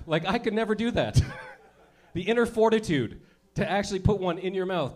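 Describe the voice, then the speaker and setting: A man's voice: high voice, a little fast, darkish tone. A man in his thirties doing profane stand-up comedy, working the crowd and laughing at his own jokes.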